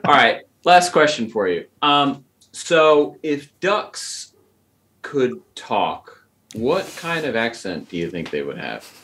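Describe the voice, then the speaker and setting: A man's voice: mid-range voice, sing-song, slow, a bit bright. A man hosting a casual interview, asking questions in an upbeat, encouraging way.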